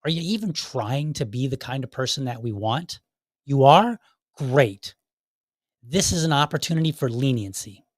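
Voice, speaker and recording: A man's voice: mid-range voice, lively intonation, moderate pace, no room sound, clean studio sound. A man hosting a podcast, delivering a heated, combative monologue full of rhetorical questions and mocking mimicry of his critics. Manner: mocking voices for imagined people. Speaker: podcast host. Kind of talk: opinionated commentary monologue.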